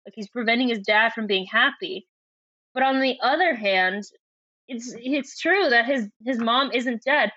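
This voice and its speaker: Bright-voiced woman on a muffled line. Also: on the high side, a little slow, no echo. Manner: chatty, laughing, reads passages aloud. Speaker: podcast co-host. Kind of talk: casual book-club chat. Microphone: remote call microphone. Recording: muffled lo-fi remote line, dry.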